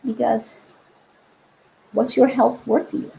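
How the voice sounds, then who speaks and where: High-voiced woman coaching a live audience. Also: slow pace, vocal fry, poor audio. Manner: energetic, asks the audience questions. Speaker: money coach. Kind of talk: live-stream coaching talk.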